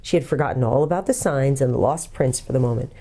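Mellow-voiced woman reading a storybook. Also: rumbling low, quick pace, slightly rough. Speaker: pastor. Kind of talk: reading a children's book aloud.

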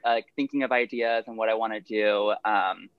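A young man from Texas with a Southern Texan accent, chatting eagerly and fast as a podcast guest. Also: on the low side, fairly even intonation, dry recording, lo-fi sound. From Texas, USA. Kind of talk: casual podcast chat.

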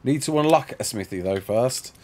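A man's voice: medium pitch, expressive, moderate pace, darkish tone. A tired man chatting casually and rambling as a gaming streamer, answering viewer questions while he plays. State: sleep-deprived. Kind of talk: casual live gameplay chat.

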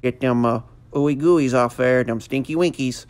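A man's voice: mid-range voice, moderate pace, darkish tone, smooth. A man doing a goofy, rambling comic voiceover full of fillers. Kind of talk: joking mock voiceover.

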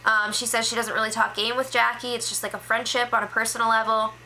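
Bright-voiced chatty woman recapping. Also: fairly high pitch, level tone, a little hiss or hum, rough recording. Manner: chatty, filler-heavy, quick impressions of people she quotes. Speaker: reality show recap host. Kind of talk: casual spoiler recap.

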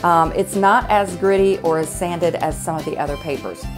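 A woman's voice: lowish voice, moderate pace, music in the background. Chatty Southern woman art teacher. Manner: chatty, folksy, many fillers and restarts. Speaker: art instructor. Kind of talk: casual demonstration tutorial.

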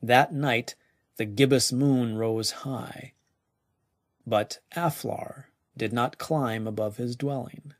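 A man narrating a weird tale slowly and deliberately, his voice dropping now and then to a hushed near-whisper. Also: mid-range voice, no room sound, clean studio sound. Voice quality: gravelly. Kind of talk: slow scripted story narration.

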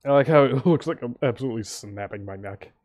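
A man's voice: medium pitch, fast, a little mellow. A worn-out, sleepy man streaming a game, talking casually over his play and mumbling with sighs and groans. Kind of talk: casual gameplay commentary.

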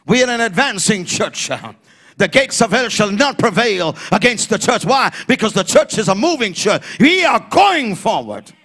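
A man preaching an emphatic sermon in church, building to shouted refrains and calling on the congregation to repeat after him. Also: high-pitched, sing-song, normal speed. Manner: emphatic preaching, rising to shouts, call-and-response. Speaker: pastor.

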